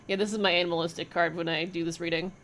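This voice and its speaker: A woman's voice: fairly low pitch, little pitch movement, rapid-fire, a bit bright, a little hiss or hum. Swearing, chatty woman reading tarot. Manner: chatty, swears freely, laughs often, thinks aloud with fillers. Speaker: tarot reader.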